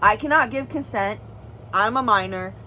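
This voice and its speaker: A woman's voice: medium pitch, moderate pace, pushed and bright, a little hiss or hum, poor audio. A young woman vlogger telling a serious personal story in an earnest, rambling way, full of "like" and "well". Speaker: family vlogger.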